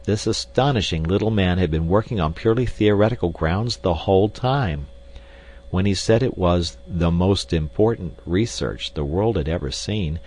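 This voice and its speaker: Deep-voiced male audiobook narrator. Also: darkish tone. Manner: measured, dramatic first-person telling. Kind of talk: scripted narration of a classic novel.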